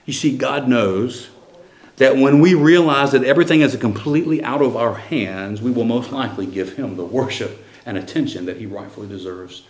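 Middle-aged man, pastor, conversational sermon, mid-pitched voice, roomy church echo. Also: normal speed. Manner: conversational storytelling with restarts. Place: church sanctuary.

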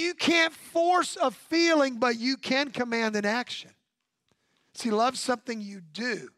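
A man's voice: very high-pitched, bright, forceful tone, dry recording. A male pastor preaching a sermon in punchy repeated phrases, drawing call-and-response from the congregation.

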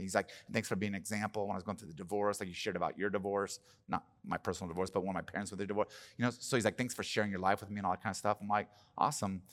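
A male pastor delivers a sermon in a casual, storytelling manner, swinging from easy talk to loud, excited bursts. His voice sits at a medium pitch and rings with a long reverb from the church hall. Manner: conversational storytelling with sudden loud animated bursts. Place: church sanctuary.

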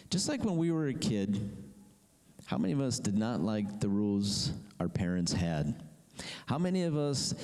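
Preacher with warm voice in a reverberant church. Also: male voice, mid-range voice. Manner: animated preacher, asks the congregation questions. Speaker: pastor. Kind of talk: sermon.

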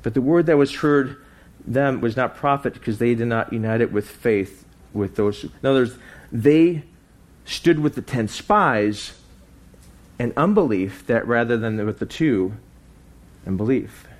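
A man preaching a sermon, with lively swings in pitch and loudness, dropping low and soft for emphasis. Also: unhurried. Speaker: pastor.

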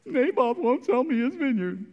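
Sobbing spoiled king, squeaky and whiny, put on by a man. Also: a little slow, big-room sound, muffled recording. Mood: whining. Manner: whiny, sobbing, high-pitched. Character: spoiled grown king whimpering like a child.

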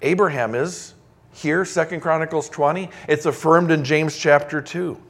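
A man's voice: a little high, normal speed, a bit bright. A male pastor preaching a sermon, reading scripture aloud in an emphatic, conversational way.

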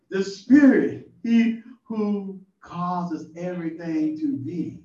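A man's voice: sits high, very slow, warm tone. Folksy preacher man with a distant, echoey sound. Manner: folksy storytelling, rising to exclamations. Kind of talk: informal sermon. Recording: distant, echoey, muffled room recording.

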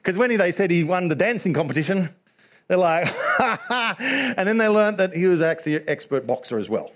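A man preaching a sermon in an animated way. He laughs often and acts out little scenes as he talks. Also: sits high, fairly quick.

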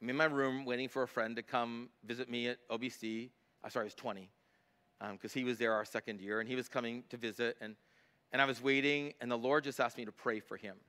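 A middle-aged male pastor preaching a sermon, emphatic on scripture and quieter when telling personal stories. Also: mid-range voice, fairly even intonation, fast talker, clear, resonant tone.

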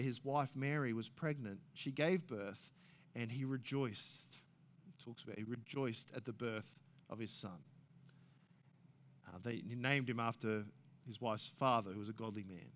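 A man preaching a sermon, reading scripture aloud with rising force and dropping soft and low to drive points home. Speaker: pastor.

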